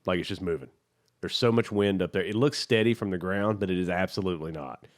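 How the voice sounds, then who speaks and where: A man's voice: deep voice, quick pace. A man co-hosting a podcast, retelling a movie in rambling casual chat with many restarts. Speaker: podcast co-host.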